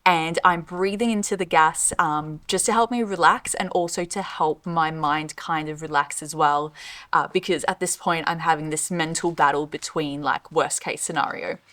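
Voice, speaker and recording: Brief: young Australian woman, slightly low voice, reflective first-person vlog narration. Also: fairly even intonation, normal speed, fairly bright tone. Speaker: vlogger co-host. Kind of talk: personal storytelling.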